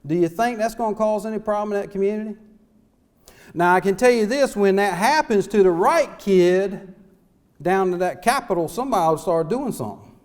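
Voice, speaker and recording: Fervent mayor with a high voice. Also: male voice, brisk, a little mellow. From North Carolina. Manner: fervent, rhetorical questions, folksy. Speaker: small-town mayor giving a speech. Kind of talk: impassioned public speech. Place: conference hall.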